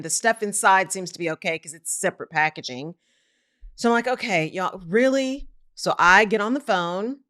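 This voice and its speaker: A woman podcast host, telling a story in a casual monologue and acting out the lines of the people in it. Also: fairly low pitch. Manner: animated, acts out her own and others' lines in quotes.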